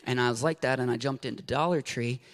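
A man preaching a sermon, building to shouted passion and then easing into quiet storytelling. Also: mid-range voice, fast talker.

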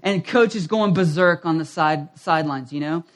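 A man with a high, bright voice preaches a sermon as pastor. He delivers it animatedly, swinging from quiet asides to near shouts. At times he drifts off the mic. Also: moderate pace. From United States.

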